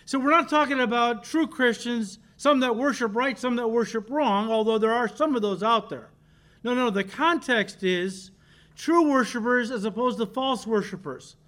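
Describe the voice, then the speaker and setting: A man's voice: extremely high pitch, normal speed, fairly bright tone. A male pastor preaching a sermon, emphatic and direct with the congregation, repeating key words for stress.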